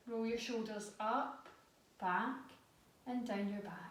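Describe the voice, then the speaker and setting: Woman, yoga instructor, calm guided cues, off-mic in a reverberant room. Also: fairly high pitch. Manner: calm, slow guiding cues. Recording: echoey room, voice a bit far from mic.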